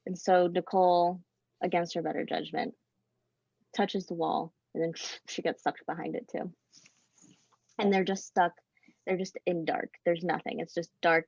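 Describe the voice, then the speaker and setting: A woman improvising a spooky fan story at a convention panel, retelling it in a casual, lively way. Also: on the low side, moderate pace, gravelly, no echo. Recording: dull lo-fi recording.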